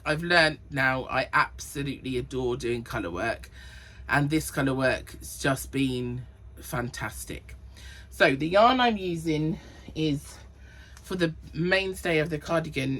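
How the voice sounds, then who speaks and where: Chatty woman knitting podcaster, husky voice. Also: low-pitched, fairly bright tone. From Cornwall. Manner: chatty, counts stitches under her breath, self-correcting. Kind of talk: casual chat.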